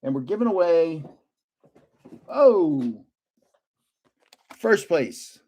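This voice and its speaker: A man's voice: on the high side, big pitch swings, drawn-out words, dark tone. An older man hosting a casual live stream, chatting and joking as he guesses card names aloud. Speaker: livestream host opening trading cards.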